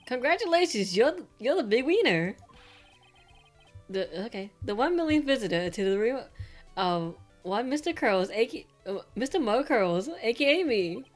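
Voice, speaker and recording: A woman's voice: on the high side, big pitch swings, moderate pace, soft background music. A woman voicing a boastful, joking male circus clown in a showy, announcing manner while playing a game. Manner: loud showy announcer delivery.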